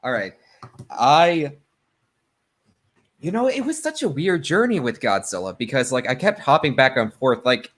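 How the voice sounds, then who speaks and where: A man's voice: medium pitch, lively intonation, normal speed, fairly bright tone. A man chatting casually as a podcast panelist, rambling with lots of fillers. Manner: laughing, rambling with many fillers. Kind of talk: casual group chat.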